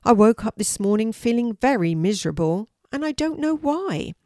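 A woman's voice: a little high, very animated, normal speed, mellow, dry recording, clean studio sound, voice pushed up. A grandma doing a sulky, cross little girl. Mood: sad.

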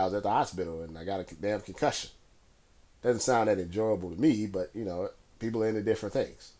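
A man with a somewhat low voice talks through current events on his own. He rambles in a relaxed, conversational way, with plenty of fillers and restarts. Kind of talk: casual solo commentary.

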